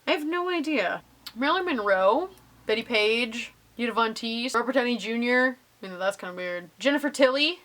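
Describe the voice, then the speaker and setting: A woman's voice: fairly high pitch, animated, normal speed, fairly bright tone. A young woman casually answering viewer questions in a vlog, bubbly and gushing with lots of ums.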